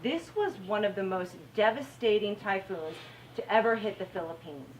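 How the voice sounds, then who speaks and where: American woman anchor speaking at a campus event, expressive storyteller, heard from a little off-mic with a faint hum behind. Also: medium pitch, normal speed. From United States. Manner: animated storytelling, acts out her own reactions. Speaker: TV news anchor giving a talk. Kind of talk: campus talk to students. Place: university lecture room. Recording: slightly distant mic, faint room noise.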